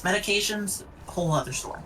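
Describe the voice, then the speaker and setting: A woman's voice: medium pitch, expressive, quick pace, pushed and bright, distant mic, a little hiss or hum, poor audio. A woman streamer in casual chat, telling stories in a blunt, exasperated way with plenty of swearing. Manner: blunt, exasperated storytelling with profanity.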